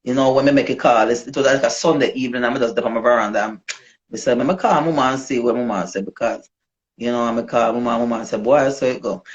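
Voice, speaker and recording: A woman with a Jamaican accent, a dancehall artist telling her story in a casual interview, animated and slipping into patois. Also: rumbling low, quick pace. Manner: animated, switches into patois, acts out quoted voices. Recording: dull lo-fi recording.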